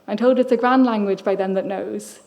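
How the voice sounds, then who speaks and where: A woman's voice: mid-range voice, fairly even intonation, a little fast, dull audio, close to an everyday voice. A woman with an Irish accent reading aloud the lines of a humble old Irish countrywoman from a novel.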